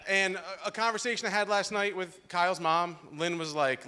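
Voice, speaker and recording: A man's voice: high voice, moderate pace, smooth. A young man giving a joking, heartfelt groomsman's toast at a wedding reception, speaking into a handheld microphone. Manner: loud, joking, emotional storytelling.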